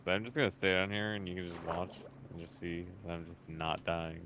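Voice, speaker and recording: A man's voice: sits low, fairly even intonation, brisk, noisy background. A man chatting casually while playing a video game, explaining things patiently and matter-of-factly. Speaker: co-player.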